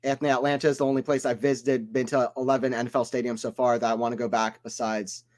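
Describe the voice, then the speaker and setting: Speaking fast with a flat delivery, a man with a Southern American accent uses a medium-pitched, darkish voice. He offers relaxed play-by-play on a live stream, chatting with viewers, reading chat aloud, and veering off topic.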